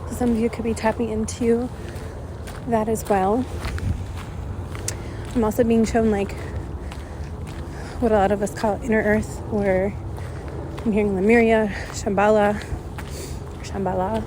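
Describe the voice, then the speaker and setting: A woman's voice: on the high side, level tone, unhurried, pauses often, background noise. A woman giving a casual spoken channeling message, rambling and dreamy with many fillers, a bit congested and stuffy. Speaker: spiritual channeler. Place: outdoors at dusk.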